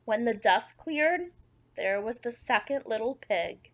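A woman reads a picture book aloud, telling it in the first person with playful asides to her listeners. Her voice sits high and swings widely in pitch. She takes her time, leaning on each phrase. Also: takes it slowly. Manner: expressive, playful, conversational asides. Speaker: storybook reader.

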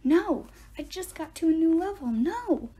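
A frantic young satyr boy from a storybook, lost in his game, voiced by a woman reading aloud. He shouts in a husky, raised voice with a mellow edge. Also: fairly high pitch, unhurried.

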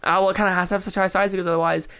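Young male game host, high and very fast, gravelly fry, excitable chatter. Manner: rapid, excitable, self-mocking. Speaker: gaming video host. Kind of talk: casual gameplay chat.

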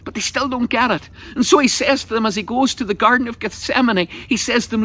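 A man preaches with a bright, forceful voice that cuts through. He tells the story with passion and paints vivid scenes for his listeners. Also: very high voice, fast, few pauses. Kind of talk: evangelistic sermon.

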